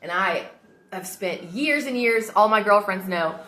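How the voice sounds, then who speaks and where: A woman's voice: medium pitch, expressive, unhurried, fairly bright tone, slight background noise. A woman venting heatedly into her phone camera, swearing often as she talks. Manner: heated and emotional, frequent swearing. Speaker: vlogger. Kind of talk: casual rant to camera.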